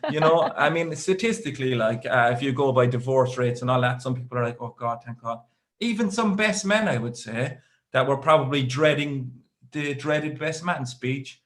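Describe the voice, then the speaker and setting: A man's voice: medium pitch, moderate pace, fairly bright tone. Irish man telling rambling stand-up stories. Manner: rambling storytelling with dry asides. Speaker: stand-up comedian. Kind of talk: stand-up comedy set.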